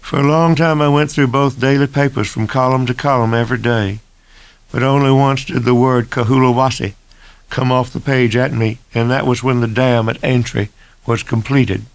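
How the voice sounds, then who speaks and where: Gravelly man in his sixties narrating. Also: medium pitch, steady tone. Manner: measured, deliberate first-person reading. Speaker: author reading his own novel. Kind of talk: abridged audiobook narration.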